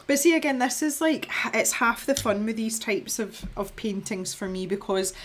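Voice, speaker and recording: A woman's voice: a little high, steady tone, a little slow, long pauses, a little hiss or hum. A young woman chatting in a rambling, self-deprecating way while she paints on a live stream, laughing often. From Scotland. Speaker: art streamer.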